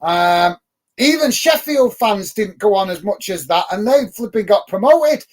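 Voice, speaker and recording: A man's voice: high voice, expressive, unhurried. A middle-aged man from England hosting a live football watch-along, reading out viewer comments in a chatty, emphatic way, full of ums and uhs. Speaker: football channel host.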